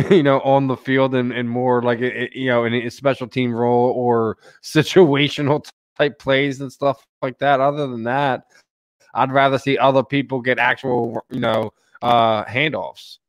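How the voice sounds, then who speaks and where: A man's voice: medium pitch, level tone, moderate pace, no echo. A man with a mid-range voice talks sports casually, tripping over his words and repeating them, with laughs worked in between. The recording is dry and close. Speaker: sports podcast co-host.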